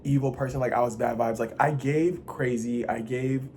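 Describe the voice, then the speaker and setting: A man's voice: fairly even intonation, moderate pace, slight background noise. A man talking straight to the camera in a rambling confessional vlog, swearing freely and restarting his sentences. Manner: rambling, restless, swings between loud bursts and low mutters; profane and self-interrupting. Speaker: vlogger. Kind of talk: casual confessional monologue.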